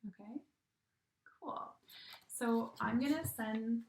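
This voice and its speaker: Slow, patient woman teaching young kids. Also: fairly high pitch, vocal fry. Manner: slow, patient, sing-song teaching with frequent "okay". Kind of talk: recorded virtual phonics lesson for young children. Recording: echoey room.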